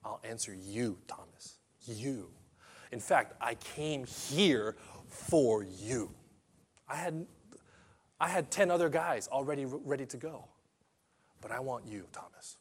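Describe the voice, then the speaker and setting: A preacher voicing Jesus as a gentle, patient man who speaks softly and earnestly to a doubting follower. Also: medium pitch, animated, breathy edge. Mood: tender. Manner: soft, quiet, earnest and slow.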